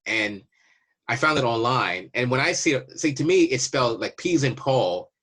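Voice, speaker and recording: A man from Canada talks through a border story in a loose, chatty way, slipping into the voices of the people he met. His voice has a slightly husky, breathy edge and sits at an ordinary pitch for a man. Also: expressive, moderate pace, a bit bright. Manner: chatty, acts out border dialogues. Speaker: waiver service representative. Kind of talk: casual storytelling to camera.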